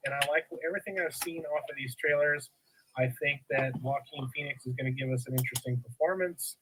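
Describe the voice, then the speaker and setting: A man's voice: medium pitch, fast talker, noisy background. A man hosting a casual podcast chat, dry and sarcastic in his remarks. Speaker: podcast host.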